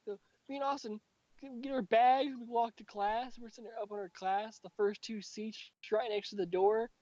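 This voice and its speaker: This young podcast host has a high-pitched, steady voice with a darkish tone, speaking at a moderate pace. He tells a school story full of swearing, mockingly acting out what his friends said, on a dull lo-fi home recording with no echo.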